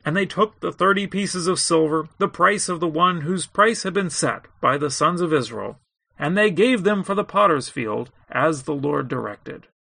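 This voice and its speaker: A man reading scripture aloud in a steady, measured way, acting out the quoted lines with drama. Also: on the high side, creaky, slightly rough, dry recording. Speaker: Bible reader.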